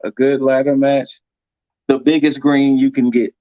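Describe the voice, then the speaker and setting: A man's voice: mid-range voice, flat delivery, normal speed, no echo. A man gives blunt opinions in a casual panel chat, sometimes stumbling over his words. His slightly dull lo-fi mic sounds dry, and his voice sits mid-range.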